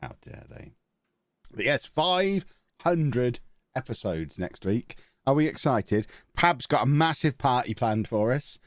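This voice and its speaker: A man's voice: medium pitch, expressive, a little slow, no room sound. A man hosting a casual podcast, teasing his co-hosts with dry, joking remarks. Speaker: podcast host.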